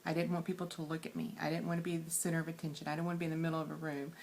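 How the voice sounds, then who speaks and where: A woman with a Texan accent talks to her camera in a casual vlog, earnest and a little shy. Her voice sits slightly low and she fills pauses with soft ums. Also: level tone, vocal fry, a little hiss or hum. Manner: soft-spoken, many fillers, earnest; quiet and shy. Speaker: weight loss surgery vlogger.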